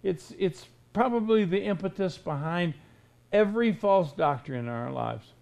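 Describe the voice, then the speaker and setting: A man with a high voice delivers a conversational sermon. He is blunt and folksy, needling his listeners with sarcastic rhetorical questions. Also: animated, a little slow, gravelly, a little mellow. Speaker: preacher.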